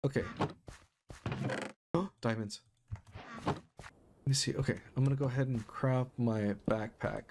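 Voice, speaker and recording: A man's voice: medium pitch, steady tone, a little slow, long pauses, background noise. A young man commentating a game as he plays, easily startled, gasping and exclaiming often. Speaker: gaming YouTuber. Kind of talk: Minecraft let's play commentary. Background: game music.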